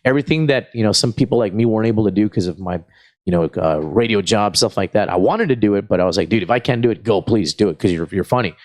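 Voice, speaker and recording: A comedian from spins long stories, cursing freely and slipping into quick impressions of the people in them. His voice sits a little low, and he keeps an easy, rambling pace. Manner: profane, rambling, animated retelling. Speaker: guest comedian. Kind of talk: casual storytelling.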